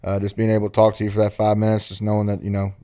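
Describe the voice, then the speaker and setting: A man's voice: fairly low pitch, monotone, racing, warm tone. A man with an Eastern Kentucky accent hosting a podcast, chatting casually and telling rambling, folksy stories. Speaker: podcast host. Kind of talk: casual interview chat.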